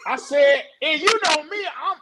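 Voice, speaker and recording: High-voiced man telling a story. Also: unhurried, very noisy. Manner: animated storytelling, stammering restarts. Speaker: podcast host. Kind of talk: casual chat.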